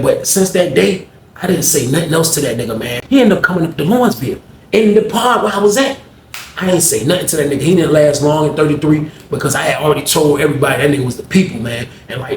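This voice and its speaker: Gravelly guy rattling off a street story quick, echoey room, faint hum in the back. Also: fairly high pitch. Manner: animated slang-heavy telling, acts out quarrels loudly. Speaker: storyteller host. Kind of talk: casual storytelling.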